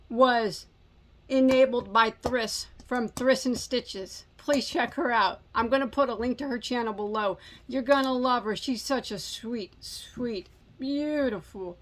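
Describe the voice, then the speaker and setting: A woman's voice: on the high side, slow. A woman in her forties hosting a crochet channel, chatting casually in a rambling, self-mocking, joking way. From United States. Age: 40s. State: slightly out of breath. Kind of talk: casual chat.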